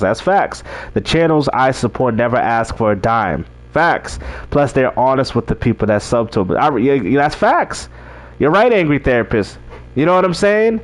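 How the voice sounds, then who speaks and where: Laid-back man with a lively voice. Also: medium pitch, moderate pace. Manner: laid-back, chatty, laughs often. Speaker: live stream host. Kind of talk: casual livestream chat.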